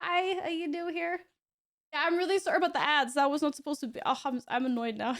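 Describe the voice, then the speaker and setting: A woman's voice: sits high, steady tone, quick pace, fairly bright tone. A woman streamer chatting casually with her audience, bubbly and apologetic with frequent giggles. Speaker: live streamer.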